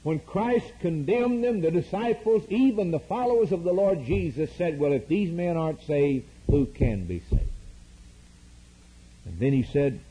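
A man's voice: a little high, animated, a little slow, mellow, slightly rough, poor audio. A man preaching a sermon in an emphatic, repetitive cadence, heard as a radio broadcast.

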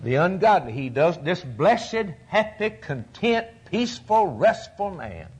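Husky man preaching an emphatic sermon. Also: high-pitched, sing-song, unhurried. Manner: fervent, emphatic preaching with repetition.

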